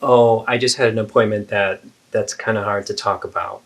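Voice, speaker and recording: A man's voice: on the low side, steady tone, normal speed, fairly bright tone. A man playing an adult daughter who earnestly and persistently confronts her mother in a therapeutic role-play. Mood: hesitant.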